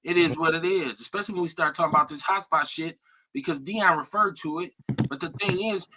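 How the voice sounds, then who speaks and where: A man's voice: a little high, fairly quick. A man hosting a live streamed talk radio show, joking and swearing through loose banter with his co-hosts. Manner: animated, profane, joking banter.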